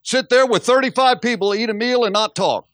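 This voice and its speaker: A man's voice: extremely high pitch, fairly quick, no room sound, studio quality. A middle-aged man preaching a sermon as pastor, telling stories and acting out quotes with laughter. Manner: storytelling, animated, acts out quotes with laughs.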